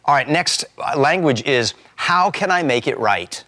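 A man's voice: mid-range voice, expressive, measured pace, bright, forceful tone. A man hosting an interview, reading out prompts and asking follow-up questions. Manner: reads prompts then asks follow-up questions. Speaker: interview host. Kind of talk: conversational interview.

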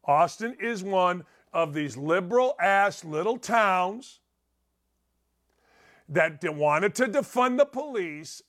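A middle-aged man hosting a sports talk show, loudly ranting and fired up with his opinions. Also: high-pitched.

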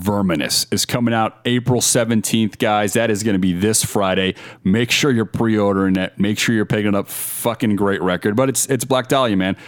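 A man's voice: on the low side, smooth. A male podcast co-host in casual, joking banter who laughs often and trips over words.

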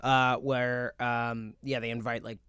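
A man's voice: mid-range voice, level tone, slow pace, fairly bright tone, clear, resonant tone, no echo, studio quality. Man in his twenties telling comic stories. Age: 20s. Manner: rambling anecdotal storytelling with frequent laughs. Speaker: comedian guest. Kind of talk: casual podcast chat.

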